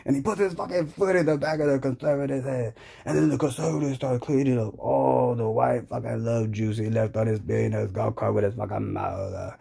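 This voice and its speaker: A man tells a crude comic story in a rambling, profane, slang-heavy rant. His voice is gravelly and rough. It sits at an average pitch. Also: lively intonation, a little fast, hardly any pauses, dark tone.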